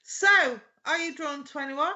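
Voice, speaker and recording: Bright-voiced woman bubbling through greetings. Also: high-pitched, a little slow. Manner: bubbly, warm greetings, jokes with co-host. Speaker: psychic reader co-host. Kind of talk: live-stream chat greeting viewers. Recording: dull lo-fi stream audio.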